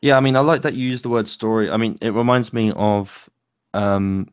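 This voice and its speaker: A young man co-hosting a casual chat about songwriting, talking loosely with many fillers and pauses. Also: lowish voice, smooth, no echo. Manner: loose, lots of fillers and likes, pace speeds up and slows. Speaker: co-host.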